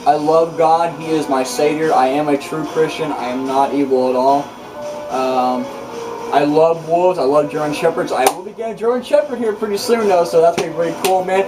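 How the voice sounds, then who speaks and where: Fairly high-pitched and fairly quick, a male channel host rambles casually in his vlog, bragging and cursing with lots of restarts. Loud music plays behind him, and the mic sits far away.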